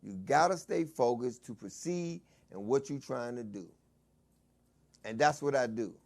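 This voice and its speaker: A man from Washington DC hosting his own talk show, shouting hype calls at times but mostly chatting in a relaxed, low-key way. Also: unhurried, creaky. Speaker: host. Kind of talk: casual talk show monologue.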